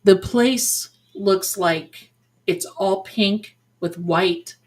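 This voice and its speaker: A woman's voice: medium pitch, drawn-out words, darkish tone. An older woman hosting a psychic livestream in casual, effusive chat, full of endearments like "my darling.". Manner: chatty and effusive, showering viewers with endearments. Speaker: psychic medium and livestream host.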